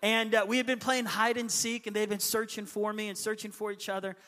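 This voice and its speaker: Man, 30s, pastor, lively storytelling sermon, forceful bright tone, high voice. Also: fairly quick, in a large hall. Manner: lively storyteller who acts out his kids' voices. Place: church hall.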